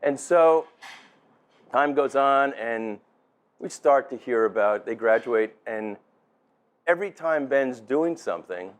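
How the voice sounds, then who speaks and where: A man's voice: mid-range voice, lively intonation, slow pace, pauses often. A middle-aged man, father of the groom, telling a rambling, laughing story in a wedding toast. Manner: chatty storyteller, laughing, many restarts. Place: restaurant dinner.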